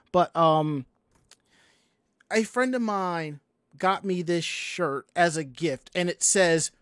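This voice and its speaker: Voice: mid-range voice, dry recording, clean studio sound. A podcast host chatting casually in a rambling way, with lots of restarts and asides. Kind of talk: casual chat.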